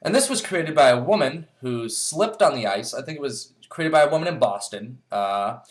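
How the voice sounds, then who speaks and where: A man's voice: mid-range voice, animated, normal speed. Blunt, rambling man vlogging. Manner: rambling, blunt and profane, with many fillers. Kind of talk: casual monologue to camera.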